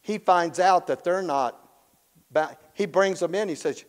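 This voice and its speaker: Animated male Bible teacher in a hall. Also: high-pitched, measured pace. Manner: lively storytelling, acts out characters, chuckles often.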